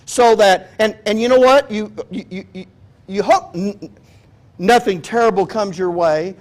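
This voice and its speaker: A man's voice: sits high, measured pace. A man preaching a sermon in a conversational, joking way, often asking his listeners questions. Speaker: pastor.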